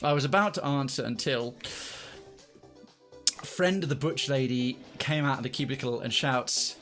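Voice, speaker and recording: A man's voice: mid-range voice, normal speed, pauses often, fairly bright tone, soft background music. A man streaming live, reading a story and chatting to viewers in a rambling, self-correcting way.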